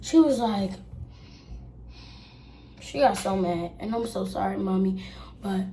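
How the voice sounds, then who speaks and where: A woman's voice: medium pitch, slow pace, pauses often, dark tone, a little hiss or hum. A young girl vlogging at home, telling a casual storytime and acting out the people she quotes. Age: child. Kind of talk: storytime while getting ready.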